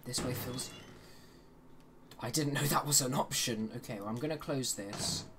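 A man's voice: medium pitch, moderate pace, a loud crowd. A man giving casual, chatty commentary on a horror game while he plays, with joking asides. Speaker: let's play host.

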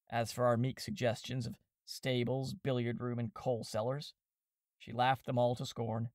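A man narrating a classic comic novel in a steady, wry storytelling manner, voicing the characters as he goes. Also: medium pitch, no echo, clean studio sound. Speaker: audiobook reader and podcast host.

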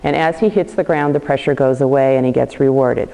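A woman dog trainer with a low, mellow voice explains each step calmly and praises her dog in brief bursts. Her voice carries a long reverb, as in a training hall. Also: brisk, gravelly. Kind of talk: instructional demonstration.

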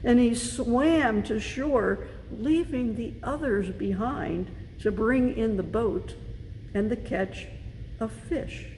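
A woman pastor preaching a sermon in a church, measured and deliberate, leaning on key words for emphasis. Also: fairly high pitch, dark tone. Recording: long reverb with faint background noise.

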